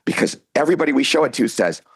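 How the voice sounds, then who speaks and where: A man's voice: mid-range voice, expressive, racing, breathy edge. A middle-aged man, a guest on a podcast, telling a story in a casual interview and acting out the lines he quotes. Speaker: podcast guest, author and CEO.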